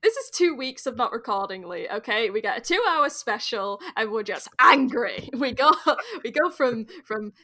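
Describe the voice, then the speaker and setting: A woman's voice: on the high side, moderate pace, hardly any pauses. A woman co-hosting a podcast in casual chat, joking and laughing often. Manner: giggly, animated, joking. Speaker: podcast co-host.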